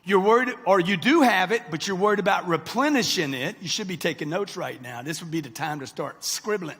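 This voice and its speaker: A brash man in his sixties delivers a motivational speech in a high, husky voice. He talks straight at the audience in short, punchy lines. His voice rings out through a large hall with a long reverb. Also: expressive, brisk, a bit bright. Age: 60s. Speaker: motivational speaker.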